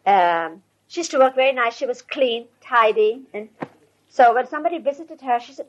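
Husky older woman telling a story. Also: on the high side, expressive, normal speed. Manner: rambling, conversational, with restarts. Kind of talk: casual anecdotal storytelling. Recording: dull lo-fi recording.

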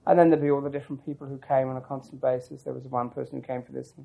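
A man recounting old memories in an oral-history interview, his voice sitting at an ordinary middle pitch. He wanders through the story with restarts and asides, reflective and unhurried. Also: flat delivery, creaky, phone-quality sound.

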